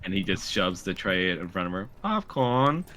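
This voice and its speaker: A man's voice: deep voice, sing-song, normal speed, bright, forceful tone, exaggerated voice. A man voicing an eager young boy who speaks in stiff, overly formal phrases during a tabletop game. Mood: dutiful. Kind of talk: tabletop role-play.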